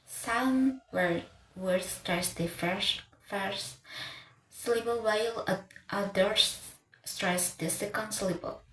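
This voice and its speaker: A woman's voice: mid-range voice, slow. A woman giving an English pronunciation lesson, speaking carefully and often restarting or repeating words as she goes. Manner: restarts words, repeats them while reading notes. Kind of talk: slow, careful lesson delivery. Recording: echoey room with faint ambience.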